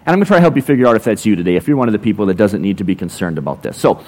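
A man's voice: lowish voice, animated, rapid-fire, a little mellow. A man preaching a sermon as a pastor, telling everyday stories with dry, playful sarcasm. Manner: conversational, ironic storytelling with playful sarcasm.

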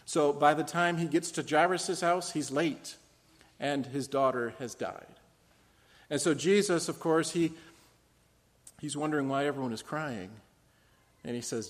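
A male pastor preaching a morning sermon. He tells the stories dramatically, asks the congregation questions and swings between loud and quiet. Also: a little high, moderate pace. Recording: long hall reverb.

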